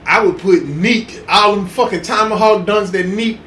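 A man on a podcast, telling excited sports stories in casual chat, acting out quotes and laughing loudly. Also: high voice, moderate pace. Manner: excitable storytelling, loud laughs and acted quotes. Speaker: podcast co-host. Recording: echoey room with faint hiss.

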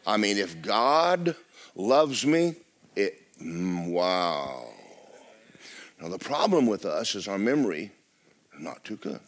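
A middle-aged male pastor, preaching loudly and with life, often dropping to a hush. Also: fairly low pitch, takes it slowly, long pauses. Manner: loud, lively preaching with sudden drops to a hush. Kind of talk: sermon. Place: church.

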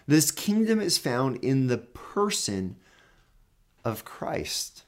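A man preaching a sermon, emphatic and repetitive, building his phrases up and then dropping low. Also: big pitch swings, takes it slowly.

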